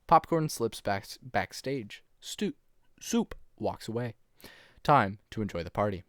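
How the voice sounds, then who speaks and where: A man's voice: fairly low pitch, animated, unhurried, a bit bright, no room sound, studio quality. A man streaming a text adventure, narrating scenes playfully with frequent laughs and hesitant fillers.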